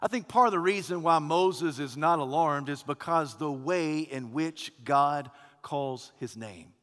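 A man preaching a sermon in a church sanctuary, dramatic and swinging between loud passages and hushed ones. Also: fairly high pitch, unhurried. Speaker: pastor. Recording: long reverb of a church hall.

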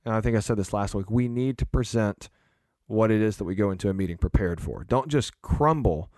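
A man's voice: lowish voice, brisk, a little mellow, dry recording, studio quality. A man hosting a podcast, talking earnestly in a casual, rambling way with fillers and restarts. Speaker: podcast host, church leader.

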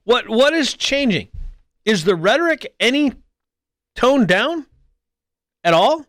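A man's voice: very high-pitched, very animated, slow pace, a bit bright, dry recording, studio quality. A man hosting a political commentary show, arguing his point and now and then mimicking squabbling voices mockingly. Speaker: podcast host.

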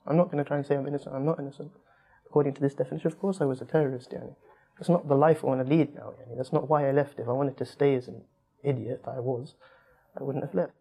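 Husky young man, quick and mellow. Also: mid-range voice, fairly even intonation. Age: 20s. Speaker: interviewee. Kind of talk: recorded interview answers.

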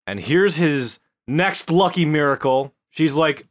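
A man's voice: fairly high pitch, slow. A man hosting a comedy podcast, telling a history story casually with crude asides. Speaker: podcast host.

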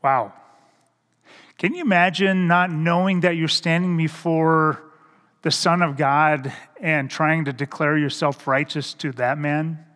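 A middle-aged man preaching a sermon as a pastor, in a slow, halting way that repeats words and poses rhetorical questions. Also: a little high, fairly even intonation, a bit bright. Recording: reverberant hall.

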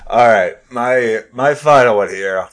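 A man's voice: mid-range voice, unhurried, a bit bright. A man hosting a casual movie podcast, playful and jokey, tripping over his words now and then. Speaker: podcast host.

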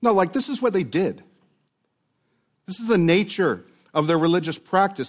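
A man's voice: high-pitched, animated, normal speed, pauses often. A male pastor. He talks earnestly and keeps building to emphatic, repeated phrases. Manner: earnest, rising to emphatic preaching with repetition. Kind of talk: sermon.

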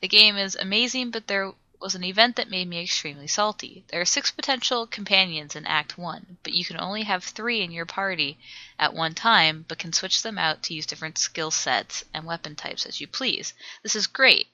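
A woman's voice: fairly low pitch, moderate pace, bright, forceful tone, no room sound, muffled recording. A woman co-hosting a casual podcast, reading out listener letters in a wry, blunt way. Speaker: podcast co-host.

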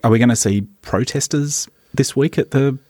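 A man's voice: mid-range voice, normal speed, darkish tone, no room sound, studio quality. A man hosting a golf podcast in casual chat, asking questions in a hesitant way.

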